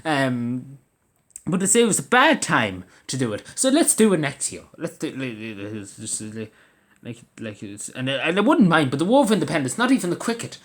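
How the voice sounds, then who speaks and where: A man's voice: mid-range voice, sing-song, moderate pace, a bit bright. A man, ranting angrily in a monologue, swearing often and stumbling over restarts. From Ireland. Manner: angry, swearing, stammering restarts. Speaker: commentator.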